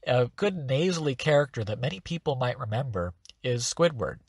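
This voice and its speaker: A man's voice: mid-range voice, expressive, normal speed, creaky, breathy edge, dry recording, clean studio sound. Encouraging man teaching character voices. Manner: upbeat, encouraging. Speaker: voice-acting tutorial host. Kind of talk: instructional narration.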